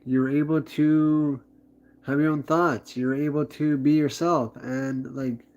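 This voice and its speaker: A man's voice: on the high side, flat delivery, takes it slowly, a little mellow, muffled recording. Rambling upbeat man streaming live. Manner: rambling, upbeat, heavy on fillers. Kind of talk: casual live-stream chat.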